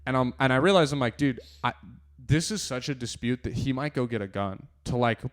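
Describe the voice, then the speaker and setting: A man hosting a casual podcast tells a wild tour story. He laughs as he goes and puts on the voices in it, with a middle pitch and an easy, conversational pace. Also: expressive, a little fast. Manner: loose, laughing storyteller who acts out dialogue. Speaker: podcast host.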